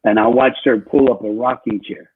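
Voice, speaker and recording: A husky man speaking as a guest preacher, driving his points home by repeating them. His voice comes through a tinny, phone-like call line. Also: mid-range voice, fairly even intonation, moderate pace. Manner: emphatic, repeats phrases. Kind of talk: preaching storytelling.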